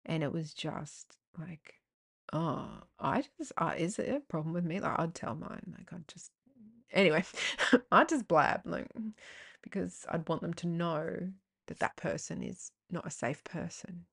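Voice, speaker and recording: Frank woman with gravelly fry. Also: lowish voice, a little slow, a bit bright. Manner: rambling, frank, swears, many fillers and tangents. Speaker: podcast host. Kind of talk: candid personal podcast monologue.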